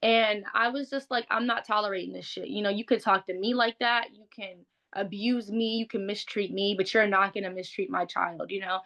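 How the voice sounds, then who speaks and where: A woman's voice: mid-range voice, fairly even intonation, moderate pace, hardly any pauses, fairly bright tone. A woman speaking as an interview guest, telling a personal story in a frank, conversational way with lots of "like". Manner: frank, conversational, heavy use of "like".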